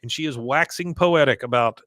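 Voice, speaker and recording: A man's voice: medium pitch, normal speed, a bit bright, no room sound, studio quality. A man hosting a podcast, casually recapping a cartoon episode, acting out quoted lines in put-on voices and laughing often. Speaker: podcast host.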